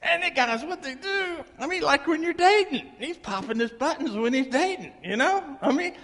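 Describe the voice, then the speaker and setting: A man preaching a sermon, emphatic and animated, acting out the people he quotes. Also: extremely high pitch, moderate pace. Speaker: pastor. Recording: long reverb of a big hall.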